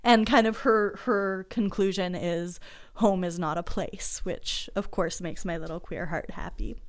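A woman's voice: on the low side, steady tone, unhurried. A woman co-hosting a casual book discussion, talking in an enthusiastic, emotional, chatty way. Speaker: podcast co-host.

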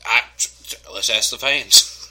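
A man's voice: medium pitch, measured pace, pushed and bright, low-quality recording. A young man co-hosting a casual podcast, teasing and cracking crude jokes while he has the hiccups. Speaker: podcast co-host. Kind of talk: casual chat.

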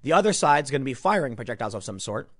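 A man giving opinionated news commentary, animated and sarcastic, sometimes mocking others in put-on voices. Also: mid-range voice, very fast, no room sound, clean studio sound. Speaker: political commentator.

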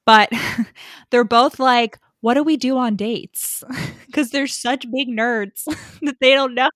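Animated, higher-voiced woman podcaster. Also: slow pace, no room sound, clean studio sound. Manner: animated, swears, mock-indignant asides. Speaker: podcast co-host. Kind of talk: casual book recap chat.

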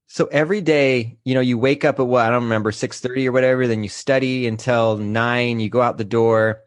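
A man's voice: medium pitch, steady tone, no room sound. A man in his thirties speaks candidly on a podcast, sometimes catching himself as emotion rises. His voice sits dry and close to the mic, with no room sound. He comes across as open and unguarded. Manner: candid, emotional, halting when moved. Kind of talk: casual podcast chat.

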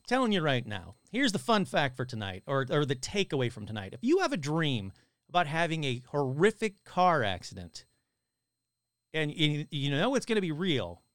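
Lively, joking man reading stories. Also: fairly high pitch, normal speed, dry recording, clean studio sound. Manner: animated, joking asides between stories. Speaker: host reading listener stories. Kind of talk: live-stream story reading with chat.

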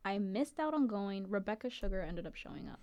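A young adult woman telling a story in a casual chat with friends. She is animated and giggly, and uses many fillers. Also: medium pitch, fairly quick.

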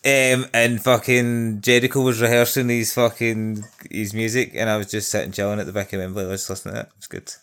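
A man's voice: fairly low pitch, level tone, a little fast, few pauses, a bit bright, smooth. A Scottish man co-hosting a podcast, telling sweary stories between bursts of laughter. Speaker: podcast co-host. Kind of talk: casual chat.

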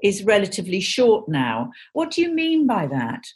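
Soft-spoken woman asking interview questions, lots of ups and downs in her voice. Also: mid-range voice, huge pitch swings, normal speed. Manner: soft, encouraging, frequent murmured assent.

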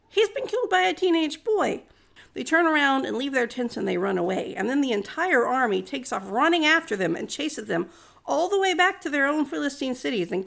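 A woman's voice: sits high, gravelly, bright, forceful tone. A woman retelling a story in a chatty, jokey, slangy way.

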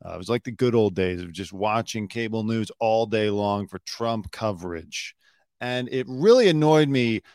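A man hosting a casual news commentary show, sarcastic and quick to mock pundits. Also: lowish voice, darkish tone, no echo, clean studio sound. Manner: sarcastic, mocks pundits in put-on mopey voices.

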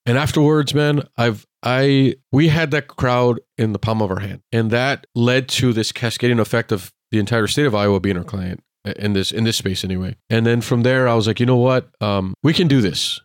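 A man's voice: medium pitch, moderate pace, few pauses, dry recording, studio quality. A man, a former police officer and podcast guest, telling casual stories and acting out the lines of the people in them. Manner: acts out quoted dialogue in lively anecdotes. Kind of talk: casual storytelling in conversation.

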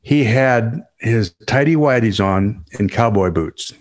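A man telling a story in casual podcast chat, easygoing and unhurried, chuckling between lines. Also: medium pitch, lively intonation. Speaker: podcast co-host, former tight end.

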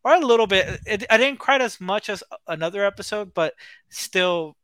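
Bright-voiced man chatting about TV. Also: high-pitched, animated, normal speed, smooth, dry recording. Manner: rambling and enthusiastic, many restarts. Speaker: podcast co-host. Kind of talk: casual chat reviewing TV.

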